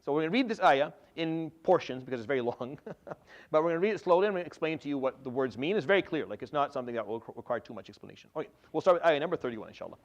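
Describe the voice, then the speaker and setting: Middle-aged male Quran teacher, high and fast, animated, restarts his words a lot. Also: highs cut off. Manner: animated, repeats and restarts words, drops Arabic terms. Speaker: Quran teacher giving tafsir. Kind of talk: religious lesson.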